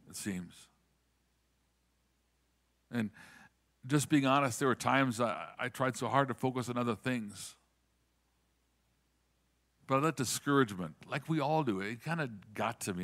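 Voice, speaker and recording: A man's voice: mid-range voice, animated, normal speed, pauses often, fairly bright tone. Brief: male preacher, earnest storyteller, mid-range voice. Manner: earnest, repeats words when starting sentences. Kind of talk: sermon storytelling.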